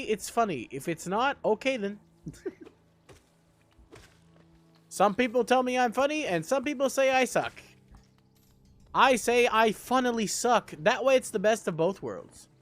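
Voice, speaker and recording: A young man streaming a game live, joking about himself and chatting with his viewers. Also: extremely high pitch. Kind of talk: live gameplay chat.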